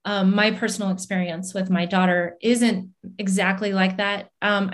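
A woman hosts a conversational podcast in a plain, mid-pitched voice. She talks in a reflective way, pausing on filler words as she recalls an experience. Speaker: podcast host. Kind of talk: conversational interview.

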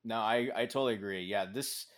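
A man co-hosting a casual film podcast, animated, swearing freely and laughing often. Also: fairly low pitch, a little fast. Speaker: podcast co-host.

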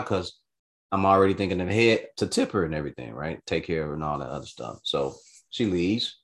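A man tells a personal story in casual conversation, animated and fairly quick, swearing freely and leaping into high-pitched voices whenever he quotes someone.

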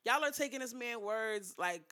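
A woman co-hosting a casual podcast, talking loud and animated and breaking into laughs. Her voice is bright and forward. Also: on the high side, moderate pace. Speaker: podcast co-host. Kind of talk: casual chat.

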